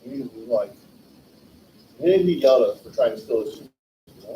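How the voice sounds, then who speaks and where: This eulogy speaker, a man in his forties from California, talks fast with lively intonation, frequent pauses, and a mellow medium-pitched voice at a livestreamed memorial. His rambling stories include frequent self-corrections, and the lo-fi sound comes from a distant mic with roomy echo and faint noise.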